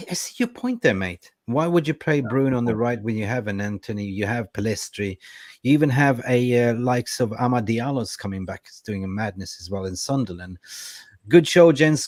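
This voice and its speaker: Male fan-show co-host, young adult, low voice, lively chat-reader, dry mic. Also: no room sound. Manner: lively, reads viewer comments aloud. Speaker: co-host reading live chat. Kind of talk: casual football fan chat.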